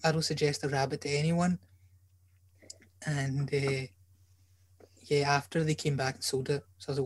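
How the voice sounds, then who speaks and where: A man's voice: fairly high pitch, fairly quick, pauses often, dry recording. A man hosting a podcast in casual chat, a joking, rambling storyteller who swears freely. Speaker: podcast host.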